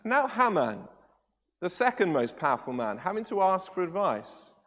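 Male preacher, high voice, animated storyteller who keeps asking the room questions, long church reverb. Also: normal speed. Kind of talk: sermon.

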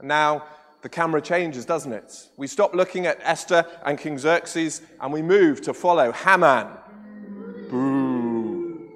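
Male preacher, high voice, animated storyteller who keeps asking the room questions, long church reverb. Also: moderate pace. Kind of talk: sermon.

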